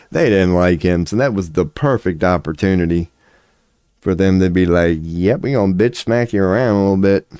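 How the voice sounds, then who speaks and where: A man's voice: sits low, darkish tone, clean tone, dry recording, studio quality. A man giving a casual, profane, sarcastic rant, with short laughs between his points. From United States. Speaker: commentary vlogger. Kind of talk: casual ranting commentary.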